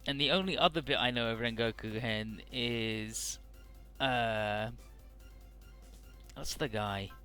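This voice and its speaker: Bright-voiced rambling game commentator man. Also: medium pitch, slow, long pauses, clean tone, soft background music. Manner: rambling, profane, jokey retelling. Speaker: Let's Play commentator.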